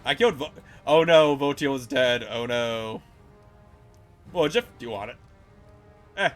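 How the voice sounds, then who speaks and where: A man giving casual, jokey commentary while playing a video game with friends, animated and quick to swear. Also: medium pitch, soft background music.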